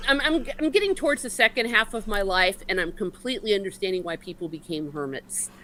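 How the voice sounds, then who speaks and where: A woman's voice: mid-range voice, animated, quick pace, bright, forceful tone, a little hiss or hum. A woman in her late forties hosting a casual livestream on a video call, chatty and joking at her own expense. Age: 40s. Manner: chatty, jokey, self-mocking. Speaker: host.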